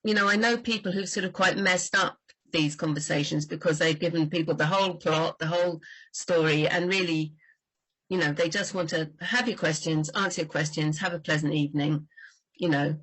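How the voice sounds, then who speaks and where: A woman book doctor talking in a lively, chatty way on a livestream about writing crime fiction. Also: deep voice, normal speed, breathy edge, rough recording.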